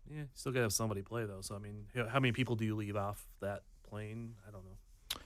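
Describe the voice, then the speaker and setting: A man's voice: lowish voice, steady tone, quick pace, no room sound. A man co-hosting a casual sports chat, thinking aloud with hesitant restarts. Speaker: podcast co-host.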